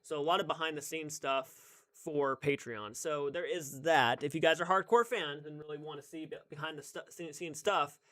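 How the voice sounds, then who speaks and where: A man's voice: fairly high pitch, normal speed, hardly any pauses, a bit bright. Chatty young man hosting a live stream. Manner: chatty, greets viewers by name, frequent restarts. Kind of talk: casual live stream chat.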